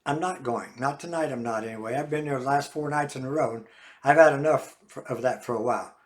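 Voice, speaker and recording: An older man voicing a friend's calm, tired wife in a memoir reading. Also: medium pitch, fast, natural voice. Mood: weary. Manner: plain, weary.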